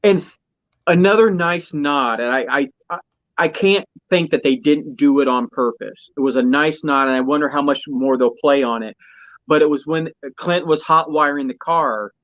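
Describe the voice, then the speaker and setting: Excitable man on a lo-fi podcast. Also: on the high side, moderate pace. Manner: excitable, gushing, swears casually. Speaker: podcast co-host. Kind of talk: casual chat. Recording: dull lo-fi audio.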